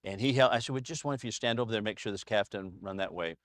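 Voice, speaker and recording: A man's voice: lowish voice, racing. A man teaching a casual Bible class to a small group in a church classroom, chatty and anecdotal, chuckling often.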